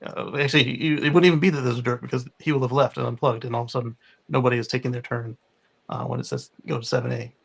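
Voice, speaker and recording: Man, podcast co-host, gravelly, rambling casual chat. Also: medium pitch, steady tone, fast. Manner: rambling, many restarts.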